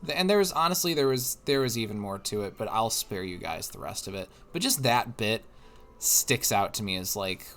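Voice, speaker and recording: A man's voice: fairly low pitch, animated, moderate pace, fairly bright tone. Casting: tired, yawning male game streamer, rambling casual chat, music faint behind. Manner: rambling storytelling with restarts. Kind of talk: casual chat while gaming.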